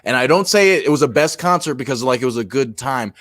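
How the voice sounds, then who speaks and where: A man telling stories in casual comedic chat, excitable and swearing freely as a co-host. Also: mid-range voice, fast talker. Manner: profane, excitable storyteller.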